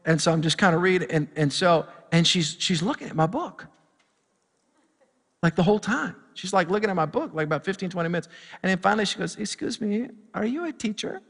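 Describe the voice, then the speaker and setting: Middle-aged pastor guy preaching, bright ringing voice, big hall reverb. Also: high-pitched, fast talker. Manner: storytelling, builds to fired-up preaching. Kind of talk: sermon. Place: church sanctuary.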